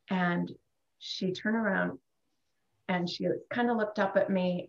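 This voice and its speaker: Slow, earnest woman telling her story. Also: fairly low pitch, muffled recording. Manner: earnest, reflective. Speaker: guest. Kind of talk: personal storytelling.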